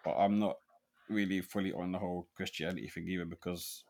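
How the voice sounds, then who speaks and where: A man's voice: deep voice, fairly even intonation, fairly quick, a little mellow. A man co-hosting a podcast in casual chat, often restarting words and tagging lines with "right?". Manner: stammering restarts, frequent "right?" tags. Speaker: podcast co-host.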